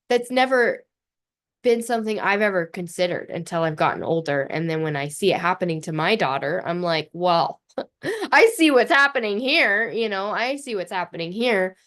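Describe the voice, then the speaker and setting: A middle-aged woman hosting a podcast, telling personal stories candidly in a loose, blunt way, swearing casually and laughing often. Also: fairly low pitch. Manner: talks in loose run-on phrases with many fillers. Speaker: podcast host.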